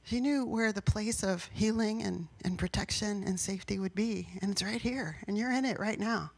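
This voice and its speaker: A woman's voice: mid-range voice, normal speed, creaky. Conversational woman pastor preaching. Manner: personal and conversational, with emphatic rises. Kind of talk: sermon.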